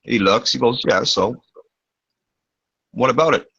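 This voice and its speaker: A man's voice: medium pitch, a little slow, gravelly, breathy edge, no echo. A man telling a rowdy anecdote in casual chat, swearing a lot and filling gaps with uh and you know. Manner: profane, lots of fillers, animated retelling. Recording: dull lo-fi dry recording.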